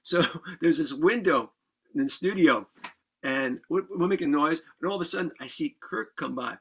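A man guest on a podcast, telling a wild story in a casual, animated way, swearing and laughing as he goes. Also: fairly high pitch, normal speed, husky.

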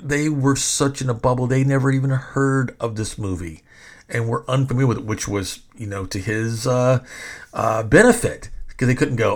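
A man's voice: mid-range voice, normal speed. A man in his forties hosting a podcast in a casual, rambling monologue, full of fillers. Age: 40s. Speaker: podcast host.

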